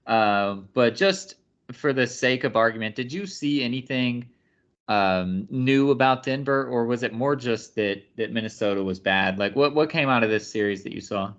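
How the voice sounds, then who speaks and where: A man hosting a sports podcast, leading the chat in a relaxed, casual way. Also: medium pitch, moderate pace. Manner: relaxed, leads the conversation. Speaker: podcast host. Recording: dull lo-fi podcast audio.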